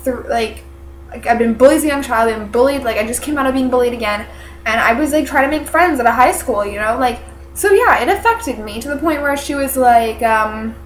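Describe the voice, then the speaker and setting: A woman's voice: a little high, a little hiss or hum. Congested teen girl in an echoey room. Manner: halting, full of "like" fillers, earnest. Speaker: vlogger. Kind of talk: personal storytelling to camera.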